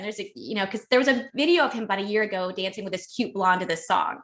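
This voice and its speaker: A woman guest on a podcast, telling a painful personal story in a candid, emotional, rushed way full of fillers. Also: medium pitch, fairly bright tone. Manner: emotional, rushed, heavy use of "like".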